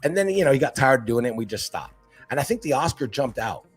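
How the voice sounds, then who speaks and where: Husky man telling animated stories. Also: mid-range voice, fast talker, soft background music. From Hawaii. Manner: animated, acts out family quotes. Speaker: podcast guest. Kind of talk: casual storytelling chat.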